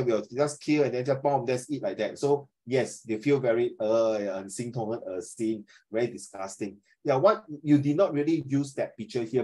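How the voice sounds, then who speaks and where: A man's voice: mid-range voice, darkish tone, low-quality recording. A middle-aged male teacher, chatting animatedly with his class over a video call and slipping into Mandarin phrases. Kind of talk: online class discussion.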